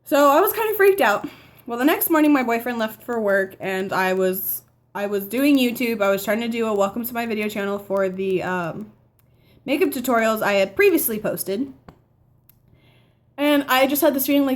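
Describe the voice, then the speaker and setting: Teen girl telling a storytime at home into her camera, lively and chatty, kinda high voice. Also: normal speed. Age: teens. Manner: chatty, animated retelling with quoted dialogue. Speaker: vlogger. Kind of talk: casual storytime vlog. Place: home living room by a window.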